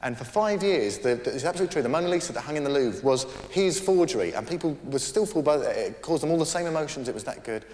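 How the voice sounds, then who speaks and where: Rambling comedian in a big hall. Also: male voice, fairly high pitch, expressive, a little mellow. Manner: rambling, self-deprecating, halting restarts. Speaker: stand-up comedian. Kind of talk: live stand-up comedy. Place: large theatre stage. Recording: echoey theatre with crowd. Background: audience laughter.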